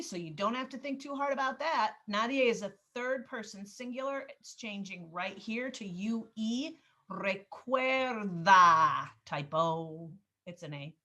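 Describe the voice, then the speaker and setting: Patient woman teaching over a video call. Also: on the high side. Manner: patient, step-by-step explaining; calls on students gently. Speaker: Spanish teacher. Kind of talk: online class instruction.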